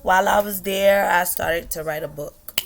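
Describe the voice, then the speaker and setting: A woman's voice: on the low side, fairly even intonation, moderate pace, creaky. A young woman telling a personal story to the camera, emotional and laughing, at times tearful. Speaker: vlogger.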